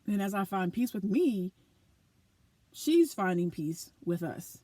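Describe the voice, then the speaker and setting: A woman's voice: medium pitch, big pitch swings, takes it slowly, mellow, no room sound. A woman talking earnestly and animatedly to her camera in a personal vlog, reflecting on her life. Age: adult with a school-age daughter. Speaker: vlogger.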